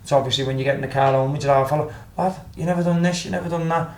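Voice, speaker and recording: A young former footballer from Liverpool, with a Scouse accent, tells stories casually on a podcast in a fairly high, fairly even voice at a rapid-fire pace. He swears freely and acts out the quotes. The recording sounds roomy, with faint background ambience.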